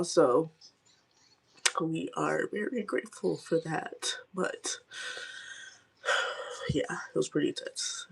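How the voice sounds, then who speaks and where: Young woman host, husky and gravelly, casual live chat, candid and rambling. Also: low-pitched, takes it slowly, long pauses. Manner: candid, rambling, many fillers. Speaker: livestream host.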